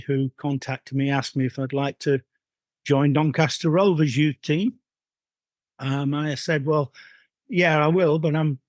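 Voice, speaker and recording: An older man from Yorkshire recalling his football youth in an interview, talking in rambling, halting sentences with many restarts. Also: a little high, no echo. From Yorkshire, England. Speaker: former footballer, guest. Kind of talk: interview storytelling.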